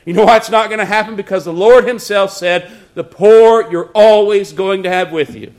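A middle-aged man preaching a sermon, earnestly quoting scripture and slowing down on key words. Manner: wry storytelling asides in a lower, quieter voice.

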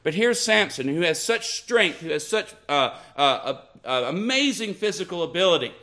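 A man's voice: on the high side, very animated, normal speed, sharp tone. Emphatic preacher man. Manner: emphatic, rising and falling with repeated phrases. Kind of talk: sermon.

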